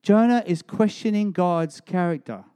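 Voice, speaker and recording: A man's voice: high voice, normal speed, clear, resonant tone. Emphatic male preacher. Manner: emphatic, rising to animated storytelling. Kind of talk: sermon.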